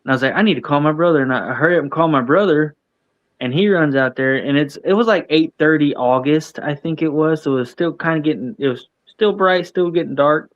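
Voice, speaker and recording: 熱心に語る男性、少しこもった録音. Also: male voice, a little high, a little fast, lo-fi sound. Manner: earnest, emphatic, repeating himself. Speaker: guest. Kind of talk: casual storytelling.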